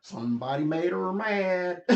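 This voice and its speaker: A male channel host delivers a casual, rambling monologue, laughing often and repeating words along the way. His voice is medium-pitched and a little mellow, recorded in an echoey room with slightly dull sound.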